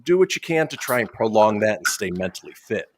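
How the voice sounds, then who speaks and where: Lively male radio host reading the news. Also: fairly low pitch, brisk, a little hiss or hum. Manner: lively, reads the news with jokes worked in. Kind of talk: reading news stories on a comedy talk show.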